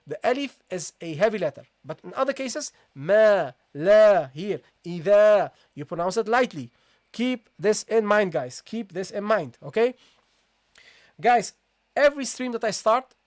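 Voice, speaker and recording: A recitation teacher giving a live-streamed online lesson, explaining step by step, checking understanding with a frequent "okay?" and slowly sounding out letters to demonstrate. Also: mid-range voice, no echo, studio quality.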